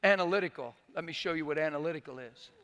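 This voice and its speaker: A man's voice: fairly high pitch, fast talker, fairly bright tone. A man pastor preaching a sermon, telling a story with emphasis and acting out the people in it.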